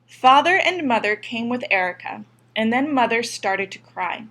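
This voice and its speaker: A woman's voice: on the high side, animated, moderate pace, a bit bright. Earnest woman narrating a story. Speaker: audiobook reader. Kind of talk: scripted narration.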